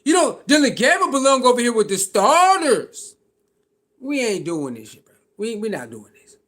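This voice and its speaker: Brief: very high-pitched male sports commentator, heated and slangy, hammering the same points over and over. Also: very animated, moderate pace, fairly bright tone. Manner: heated, slangy ranting with repetition. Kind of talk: reaction commentary on a clip.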